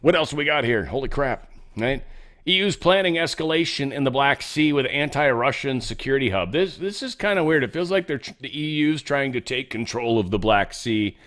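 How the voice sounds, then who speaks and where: A man's voice: medium pitch, expressive, moderate pace, fairly bright tone. Sarcastic man riffing on headlines. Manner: sarcastic, mocking asides. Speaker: show host. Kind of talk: casual news commentary.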